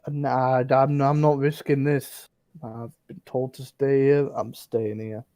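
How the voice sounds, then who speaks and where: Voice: medium pitch, level tone, slow pace, dark tone, no room sound. Gm doing a suspicious ruffian guard, blunt, close dry mic. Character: wary male ruffian guard, stubborn.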